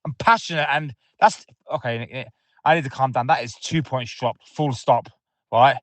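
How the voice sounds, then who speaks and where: A man's voice: mid-range voice, normal speed, fairly bright tone, dry recording. A man leaving an angry voicemail to a football podcast, ranting and swearing, fuming. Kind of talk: angry fan voicemail rant.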